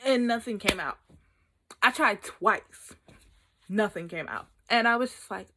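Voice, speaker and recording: Animated young woman telling a story. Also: medium pitch, unhurried, long pauses. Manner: animated, playful, dramatic storytelling with lots of "like". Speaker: vlogger. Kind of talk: storytime vlog.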